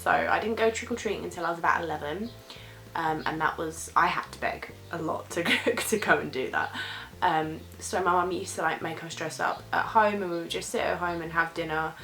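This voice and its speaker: A young woman with a British accent talks through viewer questions in a relaxed vlog, and her voice sits a little low. She rambles from one aside to the next and now and then loses track of her point. Soft music plays faintly underneath. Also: brisk, rough recording. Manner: chatty and rambling, loses her train of thought. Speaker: YouTuber answering viewer questions. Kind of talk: casual question-and-answer vlog.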